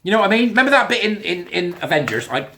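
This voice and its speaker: A man's voice: high voice, big pitch swings, racing, sharp tone, slight background noise. Sarcastic man ranting. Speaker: commentator reading and rebutting a school policy. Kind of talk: ranting commentary.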